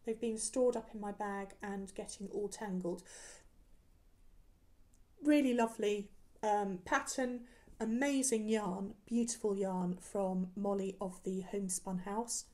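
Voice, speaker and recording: A woman's voice: mid-range voice, fairly even intonation, a little slow, mellow. A woman hosting a knitting podcast, chatting casually about her projects with many ums and restarts. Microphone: camera recording, showing work.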